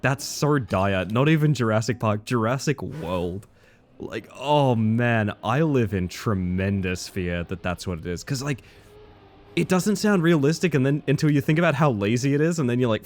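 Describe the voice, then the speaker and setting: A young man streaming a game live, chatting casually with viewers and swearing freely. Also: medium pitch. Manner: casual and profane, reading and answering chat. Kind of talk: casual live-stream chat while gaming.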